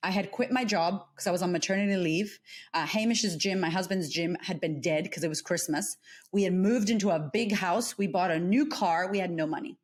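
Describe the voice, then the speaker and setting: A woman's voice: on the low side, normal speed. A woman in her thirties from the United States, a confidence coach, telling her story as an interview guest and acting out the dialogue. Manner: animated, acts out quoted dialogue.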